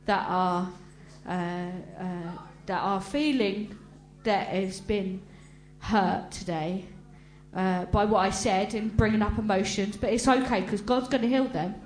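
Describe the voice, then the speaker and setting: A woman giving an emotional personal testimony to a congregation, talking earnestly and haltingly with frequent restarts. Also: mid-range voice, darkish tone. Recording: roomy echo with faint hum.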